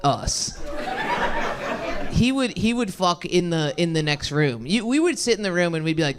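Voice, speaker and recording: A woman's voice: on the low side, very animated, normal speed, very noisy. A young woman performing a stand-up comedy set, rambling and self-deprecating, chatting with the crowd between bits.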